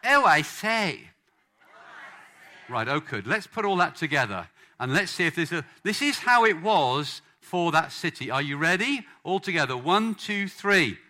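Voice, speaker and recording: A man's voice: fairly high pitch, normal speed, hardly any pauses. A man preaching a sermon, playfully coaxing the congregation to join in. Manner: lively, playful, coaxing the crowd.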